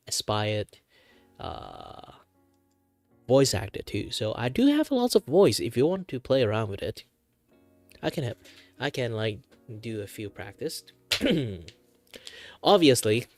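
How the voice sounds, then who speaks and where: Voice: mid-range voice, very animated, slow pace, vocal fry, long pauses, dry recording, faint music behind. A VTuber from Malaysia, chatting casually while drawing on stream, with many fillers and restarts. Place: home streaming setup.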